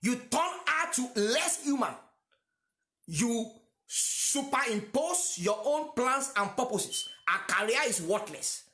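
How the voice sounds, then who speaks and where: A man's voice: extremely high pitch, sing-song, slow, bright, forceful tone, reverberant. A Nigerian-accented man whose first language is Yoruba, preaching a sermon emphatically and repeating lines for stress. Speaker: pastor.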